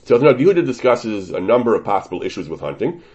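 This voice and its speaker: Man teaching Torah, lively husky voice. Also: mid-range voice, very fast, muffled recording. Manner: explains a rabbinic ruling, weaving in Hebrew and Yiddish terms, with many restarts. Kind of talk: Talmudic lecture.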